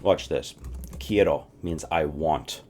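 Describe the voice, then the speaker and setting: A man teaching a casual spoken lesson, drilling short phrases, asking the listener to repeat after him and often clearing his throat. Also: rumbling low, slow, a little hiss or hum. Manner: animated, drills phrases and asks viewers to repeat. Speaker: language teacher.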